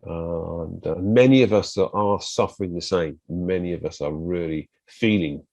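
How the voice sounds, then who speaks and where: This deep-voiced man from Britain talks at an ordinary pace with some vocal fry, and there's no room sound. Appearing as a podcast guest, he recounts his story colorfully in relaxed conversation, breaking into animated bursts as he performs other people's lines.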